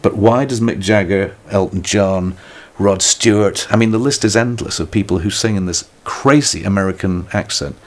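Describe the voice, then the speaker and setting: Older british guy, really low voice, thinking out loud, dry little laughs, keeps restarting. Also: moderate pace, hardly any pauses. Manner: thoughtful, wry, frequent restarts and self-mocking laughs. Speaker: musician being interviewed. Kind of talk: reflective conversational interview.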